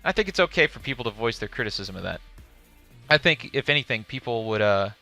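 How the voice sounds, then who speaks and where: A man's voice: mid-range voice, expressive, fast, bright, forceful tone, faint music behind. A man streaming live, giving casual, profane commentary on a game showcase and reading chat questions aloud.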